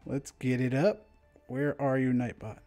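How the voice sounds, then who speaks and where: A man's voice: medium pitch, fairly even intonation, a little slow, mellow, soft background music. A man hosting a livestream in casual chat, laid-back and rambling, often laughing. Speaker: stream host.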